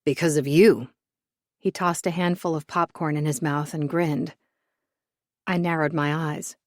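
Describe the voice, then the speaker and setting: A woman narrating a first-person story in an even, measured storytelling voice. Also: deep voice, no echo, clean studio sound. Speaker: audiobook narrator.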